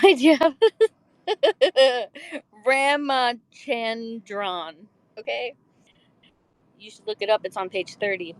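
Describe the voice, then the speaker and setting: A woman hosting a book club, reading a book aloud and breaking off into chatty, joking asides. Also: medium pitch.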